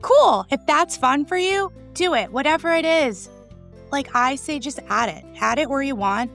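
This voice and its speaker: A woman's voice: sits high, moderate pace, vocal fry, music in the background. A woman in her forties, a school librarian, chatting in an interview with enthusiasm, laughing often and tagging "right?" onto her points. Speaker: school librarian, podcast guest. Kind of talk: conversational interview.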